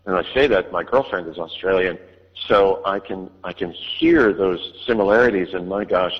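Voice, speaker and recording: Here a male audiobook narrator fumbles through interview answers, restarting often and leaning on fillers. He speaks low at a moderate pace, over a dull line carrying long reverb.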